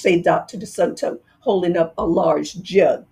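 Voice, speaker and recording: A woman reading a children's picture book aloud, in a slow, expressive way. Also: on the low side, creaky. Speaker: storyteller.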